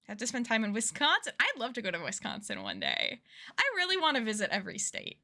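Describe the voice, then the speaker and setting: A woman's voice: a little high, wildly swooping pitch, fast talker, pushed and bright. A woman streamer chatting casually and enthusiastically over a game, often giggling. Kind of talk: casual gameplay commentary.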